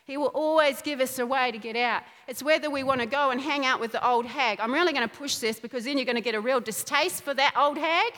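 A woman preaching a sermon in an animated, emphatic way, often laughing, with her voice ringing out in an echoey hall. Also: high-pitched, fast talker, few pauses.

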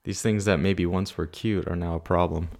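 Man co-host, very low gravelly voice, dry teasing wit, relaxed couple chat. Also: moderate pace. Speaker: podcast co-host. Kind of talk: casual chat with spouse.

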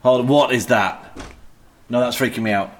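A man's voice: mid-range voice, fairly even intonation, moderate pace. A man, co-hosting a podcast in casual, rambling chat full of ums and hesitations. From England. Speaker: podcast co-host.

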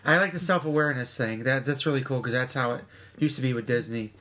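A man's voice: mid-range voice, fast talker, fairly bright tone. A man co-hosting a casual movie chat, joking and interjecting. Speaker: podcast co-host.

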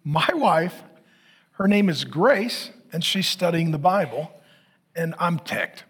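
A man's voice: fairly high pitch, lively intonation, takes it slowly, a bit bright, husky. A middle-aged male pastor preaching, telling a candid, self-mocking story about his marriage to the congregation. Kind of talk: sermon.

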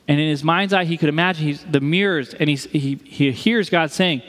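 A man's voice: on the high side, a little fast, few pauses, a bit bright, in a large hall. A male pastor delivering a conversational sermon, telling a story and acting out the voices of the people in it.

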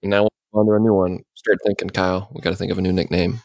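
Man, lowish voice, deadpan, casual podcast chat, dry sound. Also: racing, vocal fry, no room sound. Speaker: podcast co-host.

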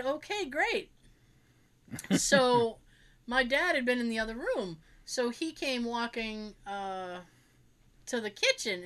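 Bright-voiced woman telling animated stories. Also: a little high. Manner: animated, acts out family members' voices, laughs often, swears casually. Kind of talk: casual storytelling chat.

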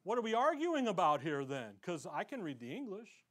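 A man's voice: sits high, sing-song, normal speed, a bit bright. A male pastor preaching a sermon in a conversational way, acting out the voices of the people he quotes.

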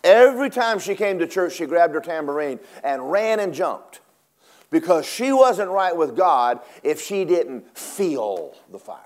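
A man preaching a sermon in a church, dramatic, swinging from shouts down to hushed whispers. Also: a little high, very animated, measured pace. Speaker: pastor.

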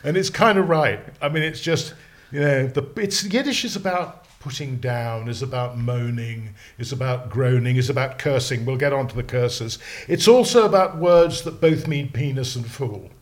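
Man chatty lexicographer guest, animated and digressive, often restarts his sentences, mid-pitched voice. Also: moderate pace. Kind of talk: casual podcast discussion.

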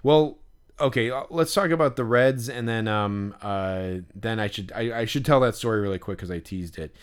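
This podcast co-host has a smooth voice on the low side and speaks at normal speed. He chats casually and tells wandering stories full of fillers and restarts, livening up when a story takes off.

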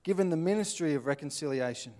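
A man's voice: a little high, animated, fast, mellow. Earnest Australian man preaching. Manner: earnest, plainspoken, acts out little scenes. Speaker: pastor. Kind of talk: sermon.

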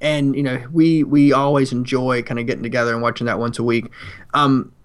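A man's voice: mid-range voice, fairly quick, clear, resonant tone. A man who is a parent, chatting casually and rambling with frequent restarts. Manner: rambling, restarts often, animated. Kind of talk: casual chat.

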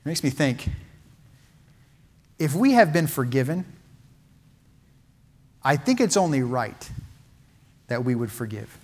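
A male pastor preaching a sermon with feeling, swinging from loud emphatic peaks to hushed, quiet lines. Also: medium pitch, big pitch swings, slow, pauses often.

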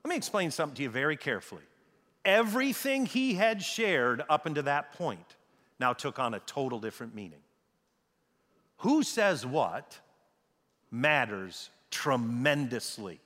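Emphatic preacher with a lively, bright voice. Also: male voice, fairly high pitch. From United States. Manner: emphatic, slows down and repeats key phrases. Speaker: pastor. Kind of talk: sermon. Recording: reverberant hall.

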